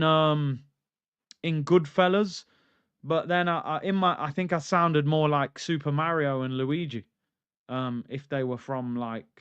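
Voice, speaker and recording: A man's voice: a little high, a bit bright, clear, resonant tone, dry recording, dull audio. A man hosting a live football stream, ranting animatedly and reading out chat comments. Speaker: football channel host. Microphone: streaming mic.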